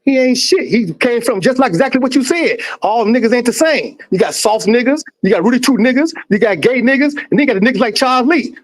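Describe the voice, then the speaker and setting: A man hosting a livestream sports debate, loud and profane, talking over others and repeating himself. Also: extremely high pitch, lively intonation, fast talker, few pauses. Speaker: livestream host.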